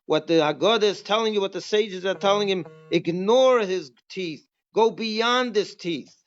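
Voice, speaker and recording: Soft music plays in the background as a high-voiced rabbi teaches a Passover class at a normal speed. He speaks emphatically and keeps asking rhetorical questions, and the recording sounds dull and lo-fi.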